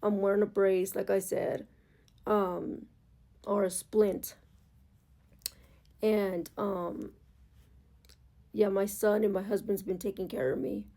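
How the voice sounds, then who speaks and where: A woman's voice: mid-range voice, flat delivery, takes it slowly, long pauses, dark tone. A woman vlogger telling her story at home in a casual, candid, earnest way, swearing freely. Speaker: motorcycle vlogger. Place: at home, in pajamas.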